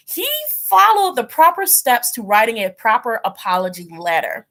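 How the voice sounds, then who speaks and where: A slightly high, bright voice with big pitch swings moves at a moderate pace with few pauses. She's a tarot reader hosting a live stream, rambling through casual chat full of fillers and laughs and acting out her reactions in quoted voices.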